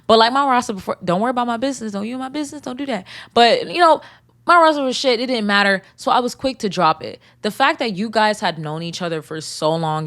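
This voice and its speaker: A woman hosting a podcast who reads out a listener's story and breaks off into loud, animated reactions. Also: mid-range voice. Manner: animated, swings between reading and loud outbursts. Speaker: podcast host. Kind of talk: reading a listener submission and reacting.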